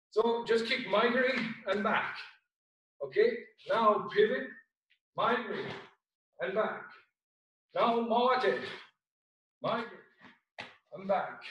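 An Irish man teaching a karate class over a video call, calling out commands and counts with brisk shouted cues. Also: extremely high pitch, highs cut off, a little hiss or hum. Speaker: karate instructor. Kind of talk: online class instruction. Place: home room on video call. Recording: very echoey room, voice far from mic.

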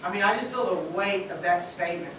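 A man delivers a sermon in a loose, joking, buddy-like manner. He is heard from well back in a very echoey church sanctuary, with a steady hum of room noise under him. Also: sits high, fairly quick. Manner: casual, joking, talks like a buddy. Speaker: preacher. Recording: echoey church hall from far off.

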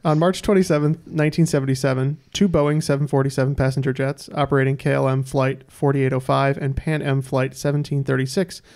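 A man hosting a podcast quiz, reading trivia questions in a measured way with dry asides. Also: mid-range voice, level tone, darkish tone. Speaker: quiz host.

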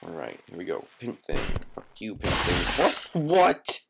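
A man's voice: sits low, sing-song, moderate pace, gravelly, background noise. A young man giving casual gameplay commentary, swearing constantly and yelping in frustration.

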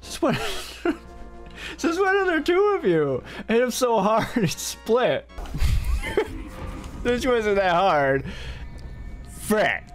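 Man, game streamer, hoarse-ish and tired, lively up-and-down voice, faint music behind. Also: very high-pitched, slow pace, pauses often. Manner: playful, laughs often, swaps swears for frick and freaking. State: tired and losing his voice. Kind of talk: casual live-stream commentary.

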